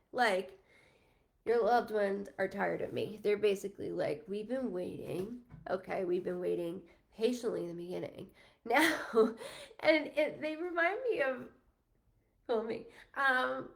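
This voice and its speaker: A woman who works as a psychic medium speaks on a live stream in a mid-range, gravelly voice, a little slow. Her talk is casual and rambling, constantly breaking off and restarting, with frequent laughter.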